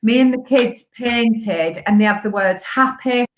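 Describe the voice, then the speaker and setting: A woman's voice: on the high side, unhurried, slight background noise. Woman, earnest, cheerful, roomy echo. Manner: earnest and upbeat, laughs easily. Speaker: podcast guest, co-founder. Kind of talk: casual podcast chat.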